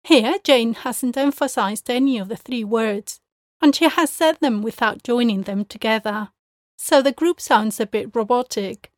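A woman teacher giving a scripted pronunciation lesson, explaining clearly and modelling words slowly, recorded close to the mic. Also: a little high, dry recording.

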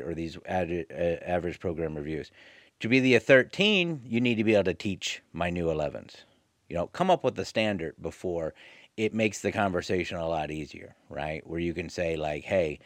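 A man with a deep, low voice talks supervisors through workplace advice in a casual, blunt way. He repeats his key points and slips into quick mock voices of employees and managers. The sound is close and dry, with no room around it. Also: no echo. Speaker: federal HR advisor speaking to supervisors.

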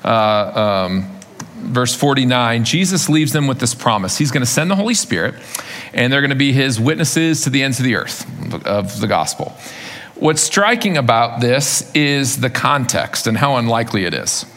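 A man's voice: mid-range voice, sing-song, moderate pace, fairly bright tone. Man preaching in a reverberant hall. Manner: conversational, rhetorical questions, vivid retelling. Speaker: pastor. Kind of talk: sermon. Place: church sanctuary. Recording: long reverb of a large hall.

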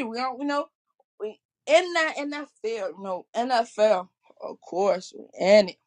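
A woman hosting her podcast, rambling casually about sports with many fillers and restarts and apologizing for her swearing. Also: medium pitch. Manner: rambling, full of fillers and self-corrections. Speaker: podcast host.

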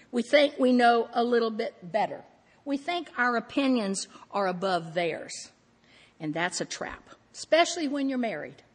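Husky-voiced woman preaching in a hall. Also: medium pitch. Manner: animated storytelling, acting out her own inner voice. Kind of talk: sermon.

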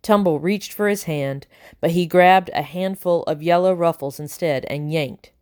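Brief: woman audiobook narrator, lower voice, dry close sound, animated storytelling. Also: measured pace, no room sound. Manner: lively, voices the characters. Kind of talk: scripted narration.

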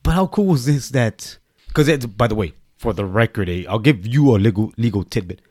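A man tells a comedy story on a podcast, animated and profane, laughing as he goes. His voice is a little husky, and the recording is dry and close. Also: mid-range voice, brisk, dry recording. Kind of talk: casual storytelling chat.

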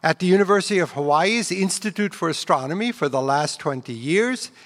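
A man hosting an event, reading a measured prepared introduction of the guest speaker in a big auditorium. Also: high-pitched, expressive, fairly bright tone. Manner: measured, reads a biography. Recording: long auditorium reverb.

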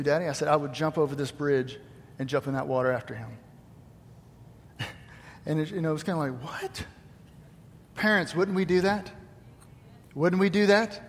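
A middle-aged preacher with a high, light voice delivers a folksy sermon full of jokes and asides to the congregation. His words ring out with a long reverb from a large church hall. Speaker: pastor.

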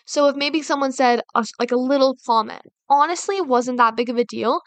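A woman's voice: sits high, a little fast, no echo. A woman hosting a casual advice talk, rambling and filling her sentences with "like" and "you know". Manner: rambling, heavy use of fillers like "like" and "you know". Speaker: podcast host.

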